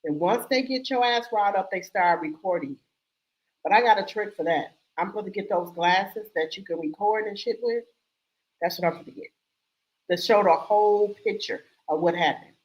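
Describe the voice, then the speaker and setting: A woman's voice: mid-range voice, normal speed, low-quality recording. A woman co-hosting a casual gossip livestream, blunt and outspoken, swearing freely. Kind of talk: casual chat.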